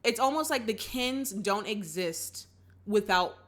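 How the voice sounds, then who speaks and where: A young woman speaking a little slowly at medium pitch hosts a movie reaction and goes over the plot in relaxed chat. Animated throughout, she voices characters' lines and talks directly to her viewers as y'all.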